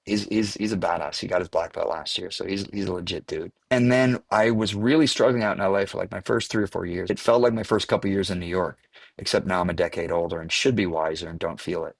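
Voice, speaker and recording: A man with a somewhat low, husky voice spins a casual anecdote as a guest on a podcast. He is animated, laughing at his own story as it unfolds. The sound is close and dry. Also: fast talker, no echo. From US Midwest. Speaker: actor guest.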